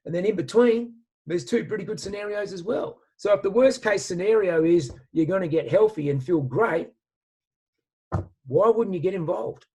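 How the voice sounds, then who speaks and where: A man speaks with lively, slangy enthusiasm, pitched a little high for a man. He sounds like a motivational speaker telling stories over a video call. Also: normal speed, husky. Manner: animated, storytelling with slang. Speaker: guest speaker. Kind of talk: motivational talk.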